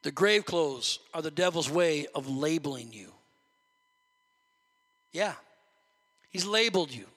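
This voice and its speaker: A man preaching a sermon in a church, animated and rising to near shouts at his peaks. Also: fairly high pitch, slow, pauses often, in a large hall. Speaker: pastor. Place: church sanctuary.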